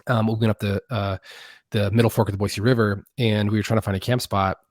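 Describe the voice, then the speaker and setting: A man's voice: fairly low pitch, flat delivery, fast talker, no room sound, studio quality. A man on a podcast as a guest, telling casual stories with lots of fillers and restarts. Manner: rambling, many fillers and restarts. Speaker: podcast guest, outdoor video creator. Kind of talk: casual storytelling chat.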